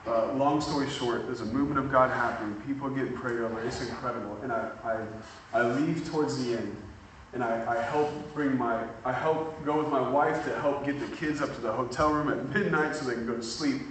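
A male preacher tells a story from the pulpit and voices the people in it. His tone is bright and forceful, and the hall rings around him. He sounds a little distant from the microphone, with faint room noise underneath. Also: mid-range voice, a little fast. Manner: builds from calm to shouting excitement, acts out dialogue. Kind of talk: sermon with storytelling. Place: church hall with congregation.

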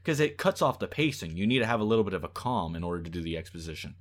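Animated man ranting about a film. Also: deep voice, racing. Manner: animated, exasperated, acts out quotes. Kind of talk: casual movie review chat.

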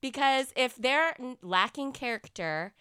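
A woman's voice: sits high, lively intonation, a little slow, pushed and bright, clean tone, dry recording, clean studio sound. A woman co-hosting a podcast in casual chat, earnestly explaining an idea at length. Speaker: podcast co-host.

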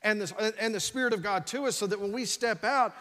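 A pastor delivers a brisk, energetic sermon in a voice notably high for a man, constantly urging the crowd with "come on" and stumbling over repeated words as he pushes forward. A long echo from a large church sanctuary surrounds him.

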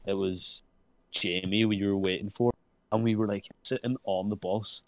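A young man, chatting casually with friends and telling school stories, full of "like" fillers and bursts of high laughter. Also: moderate pace, low-quality recording. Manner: animated storytelling, many "like" fillers, breaks into high laughter. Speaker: friend reminiscing. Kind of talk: casual chat.

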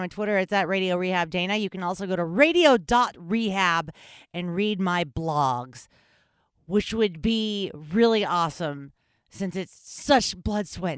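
A woman's voice: medium pitch, clean tone, no echo, clean studio sound. A woman hosting a recovery podcast, talking in a candid, self-mocking, rambling way. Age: adult in recovery. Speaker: podcast host. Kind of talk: casual chat.

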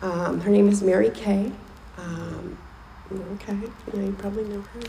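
In an echoey room with faint background noise, a woman recounts her story at a recovery meeting, candid and emotional, repeating phrases for weight. She talks at normal speed in a steady, mid-range voice that is gravelly yet mellow.

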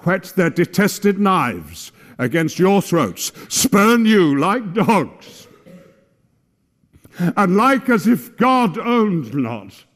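Man declaiming slowly in a reverberant hall. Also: high-pitched, very animated. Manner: measured, declamatory, rising to forceful emphasis. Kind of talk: dramatic recitation of a classic speech.

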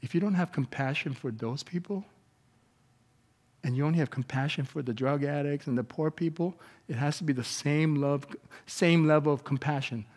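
A man preaching a sermon as pastor, moving between calm teaching and loud, animated outbursts. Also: fairly high pitch, normal speed, long reverb tail. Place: church sanctuary.

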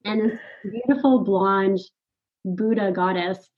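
A middle-aged woman, a podcast guest, telling a personal story in casual conversation, animated and laughing often. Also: mid-range voice, measured pace, lo-fi sound. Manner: animated, laughs often, quotes her own thoughts.

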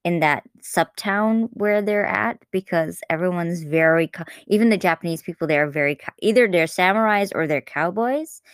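A woman co-hosting a podcast, chatting casually about a film, animated and laughing often, with frequent restarts. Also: fairly low pitch, moderate pace, hardly any pauses, clear, resonant tone, no echo, studio quality. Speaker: podcast co-host. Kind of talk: casual film review chat.

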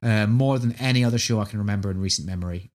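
A man's voice: on the low side, rapid-fire, a little mellow. A man with a Scottish accent co-hosting a podcast, gushing enthusiastically in casual chat. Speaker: podcast co-host.

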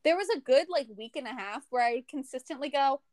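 Young female co-host, high voice, blunt and teasing, casual chat, dry recording. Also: lively intonation, fast talker, a little mellow, no room sound. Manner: blunt, teasing, laughs often. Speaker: podcast co-host.

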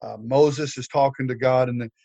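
A man's voice: medium pitch, fairly even intonation, normal speed, gravelly, warm tone, no echo, lo-fi sound. An older man preaching, telling a story with humor, with frequent fillers and restarts. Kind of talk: storytelling sermon.

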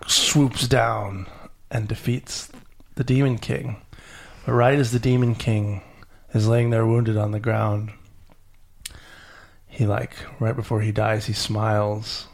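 Gravelly-voiced man telling a story. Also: fairly low pitch. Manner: animated storyteller, acting out characters. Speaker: podcast host. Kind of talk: storytelling to a child.

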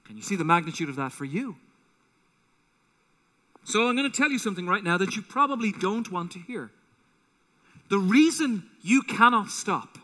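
A man preaching a sermon as pastor, animated and acting out quotes with a rising voice, in a church auditorium. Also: sits high. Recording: long hall reverb.

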